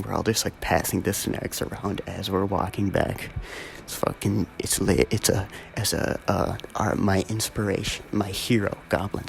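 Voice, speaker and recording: A man's voice: on the low side, gravelly. A young man telling a rambling story in a casual way, swearing a lot and using many fillers.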